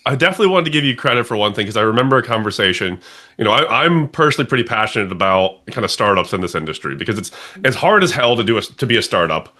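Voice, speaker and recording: Guy cohosting an interview, talks fast, bright tense voice, rambly and excited. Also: fairly low pitch. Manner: enthusiastic, rambling, laughs a lot. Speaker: interview co-host. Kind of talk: casual interview conversation.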